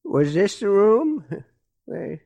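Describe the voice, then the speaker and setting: A man's voice: sits high, very animated, extremely slow, gravelly, mellow, no room sound, voice pushed up, full character voice. An actor playing a detective disguised as a senile old man, speaking in a quavering, folksy voice in a radio drama. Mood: folksy, nosy. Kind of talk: 1940s radio acting.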